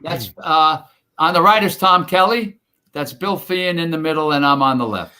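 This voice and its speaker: An older man tells stories from his years on the job in a loose, rambling way. His voice sits a bit high and comes across bright and forceful. He keeps stopping to restart his sentences and fills the gaps with "uh" and "you know.". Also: moderate pace. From New York. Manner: rambling, folksy, many fillers and restarts. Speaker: guest, retired firefighter. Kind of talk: casual storytelling interview.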